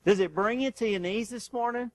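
A man preaching a sermon as pastor. He presses his congregation with questions, calls out "Amen?", and moves between urgent, loud stretches and hushed, slow ones. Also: sits high, no echo, low-quality recording. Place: church sanctuary.

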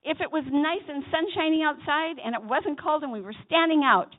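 A woman preacher delivering a sermon in a church chapel, swinging between loud exhortation and soft asides and calling on the congregation to answer. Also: high-pitched, moderate pace. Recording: tinny phone-like sound.

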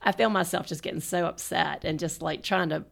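Gravelly low-voiced woman podcast host. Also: a little fast. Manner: animated, laughs often while telling stories. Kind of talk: casual conversational storytelling.

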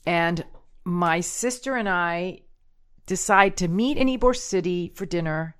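A woman's voice: on the low side, a little slow, clear, resonant tone. A woman in her forties, animatedly telling a personal story on a casual podcast and acting out what people said. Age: 40s. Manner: animated, acts out quotes.

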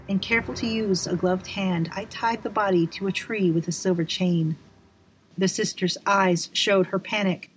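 A woman narrating a dark first-person story in a measured, dramatic reading. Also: mid-range voice, steady tone, a little hiss or hum. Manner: measured, slowing on dramatic lines.

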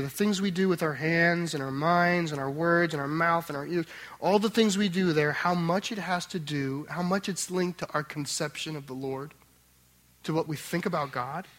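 A man preaching a sermon, swinging between loud emphatic passages and quiet tender asides. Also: a little high. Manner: acts out the master's voice in quotes. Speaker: pastor.

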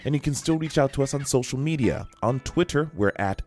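A man's voice: medium pitch, lively intonation, fairly quick, a little mellow, faint music behind. A man co-hosting a podcast, chatting loosely through the news with a rambling, jokey manner. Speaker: podcast co-host. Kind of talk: casual news chat. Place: local radio studio.

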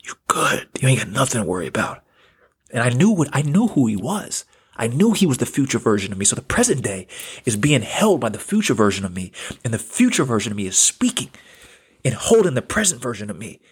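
A man's voice: medium pitch, very animated, a little fast, husky. A man in his thirties hosting a spiritual self-help podcast, earnest and casual, repeating phrases for emphasis. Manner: earnest, repetitive, casual slang. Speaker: podcast host.

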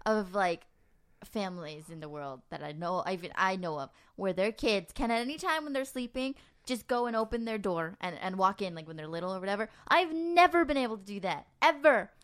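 A woman's voice: medium pitch, lively intonation, fairly quick, smooth. A woman chatting on a podcast, telling a rambling story and laughing as she goes. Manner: rambling storyteller, laughs through her stories. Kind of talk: casual chat.

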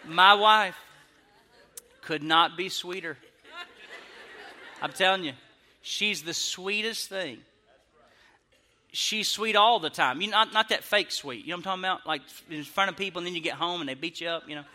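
A young adult man tells a stand-up story, laughing and mocking himself as he goes. His voice sits fairly high. His tone is very bright and sharp. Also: moderate pace, pauses often, slight background noise. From Arkansas, US. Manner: animated, laughing, self-mocking. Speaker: comedian.

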